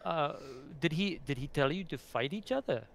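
Halting, curious man playing a tabletop game. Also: a little high, expressive, creaky, a little hiss or hum. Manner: curious, halting, laughs easily. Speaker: player.

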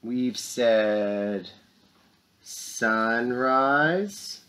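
A young man hosting a school morning show, talking to young students in an upbeat, animated way. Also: mid-range voice, drawn-out words. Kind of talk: lively kids' morning announcements.

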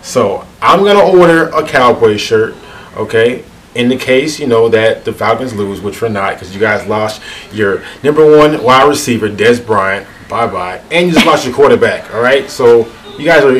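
A man's voice: medium pitch, animated, moderate pace, fairly bright tone, a little hiss or hum. A man vlogger chatting casually and teasing rival sports fans in a laid-back, playful way. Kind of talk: casual chat.

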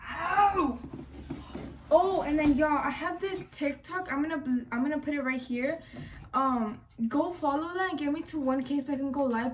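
A woman's voice: high voice, slight background noise. A young woman chatting casually to camera in a home vlog, rambling on as a self-described yapper, recorded on her phone at home. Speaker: vlogger.

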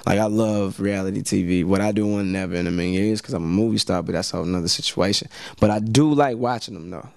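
Deep and gravelly yet a little mellow, the man's voice moves quickly with hardly any pauses and no echo. He's an American rapper and actor appearing as a guest in a casual interview, chatting in a slangy, laid-back way and often repeating words at the start of sentences.

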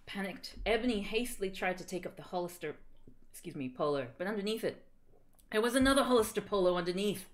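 A woman reading fan fiction aloud for laughs, mostly deadpan narration with sudden squealing shouted quotes. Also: medium pitch, fast talker. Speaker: co-reader.

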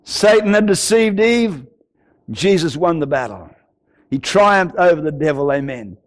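An older male pastor preaches in a raised, slightly high voice, telling a story from his own life. He drives points home by repeating words and trips over himself in his eagerness. His delivery swings between rising intensity and quiet, earnest appeals. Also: expressive, a little slow. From Australia. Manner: impassioned, repeats words for emphasis, stammers. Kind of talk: sermon. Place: church.

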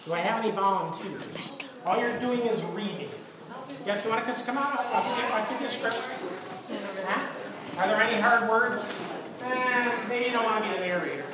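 A pastor chatting and joking while gathering volunteers to read scripture. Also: female voice, fairly high pitch, moderate pace, a crowd in the background. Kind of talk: sermon, casual lead-in. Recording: distant mic in echoey church with loud hiss.

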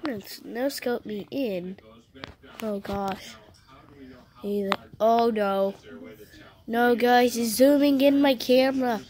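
A woman's voice: fairly high pitch, takes it slowly, long pauses, a little mellow. A woman playfully narrating her toy play for viewers in a silly, chatty way. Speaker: channel host. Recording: noisy with clicking sounds.

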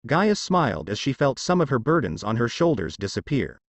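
Male narrator for a read-aloud story, animated, dry. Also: mid-range voice, a little fast, hardly any pauses, no echo.

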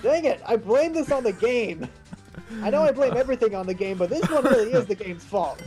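A young man hosts a gaming video, explaining the game in an easy, chatty way and grumbling about lag. His voice is mellow and dark in tone. Quiet game music plays behind him. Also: very high voice, expressive, fairly quick. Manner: explains, complains about lag, laughs easily. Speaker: channel host. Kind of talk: casual gaming commentary.

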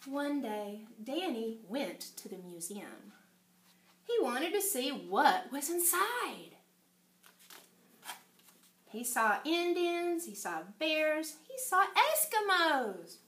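A woman teacher leading circle time for small children and reading a picture book aloud with expressive storytelling. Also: sits high, slow. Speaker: preschool teacher. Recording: echoey classroom.

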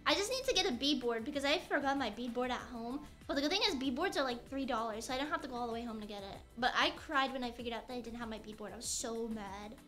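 Young girl streamer rambling about her day while crafting, high bright voice, bit of music playing low. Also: fast talker, hardly any pauses. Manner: rambling, playful, chatty with restarts.

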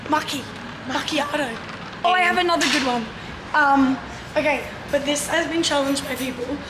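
Vlog: high-pitched woman, animated and giggly, loud noise behind. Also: normal speed. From Australia. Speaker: circus performer. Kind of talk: casual chat.

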